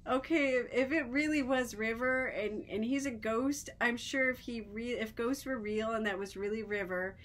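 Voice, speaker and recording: Woman vlogger, slightly high voice, giggly, chatty, lots of fillers and restarts. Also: normal speed, hardly any pauses. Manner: giggly, animated, breaks into laughter. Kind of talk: casual storytelling to camera.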